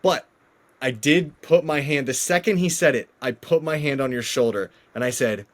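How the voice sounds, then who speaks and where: Man telling an emotional story, mid-pitched. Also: moderate pace. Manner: animated storyteller who acts out quoted dialogue. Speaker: guest, former game contestant.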